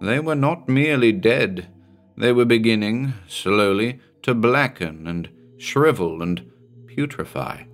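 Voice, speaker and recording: A man narrating a pulp horror story as an audiobook, in a measured, dramatic storytelling manner. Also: medium pitch, lively intonation, soft background music.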